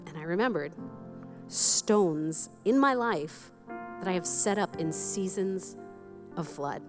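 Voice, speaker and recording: Woman pastor preaching, lowish voice, candid, pokes fun at herself, faint music under it. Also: lively intonation, slow. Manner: candid and self-deprecating, laughs at herself. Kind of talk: sermon.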